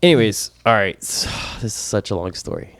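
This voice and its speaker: Smooth low-voiced man telling a story. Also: fairly quick, no room sound, studio quality. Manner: animated storyteller, voice jumps up when quoting himself. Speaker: podcast co-host. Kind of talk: casual storytelling chat.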